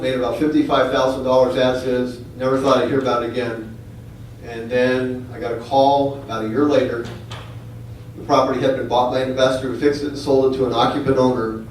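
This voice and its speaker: A middle-aged man talks to a room of listeners, warm and mellow in tone with a slight cold in his voice. He tells his story plainly and earnestly. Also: medium pitch, a little hiss or hum. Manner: conversational, earnest, direct storyteller. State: has a cold. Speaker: real estate investor giving a talk. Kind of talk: storytelling talk to a live audience.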